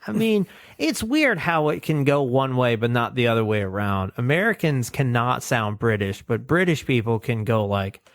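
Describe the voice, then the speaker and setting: With lively intonation and a moderate pace, this man's mid-range voice comes through clean and echo-free from the studio. He co-hosts a podcast, riffing jokingly about an old cartoon and dropping into silly voices.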